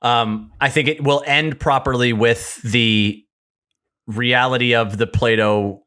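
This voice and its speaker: A young man co-hosting a comedy podcast, pitching an idea as an animated story and laughing often. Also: slow pace, clear, resonant tone. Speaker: podcast co-host. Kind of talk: casual comedy chat.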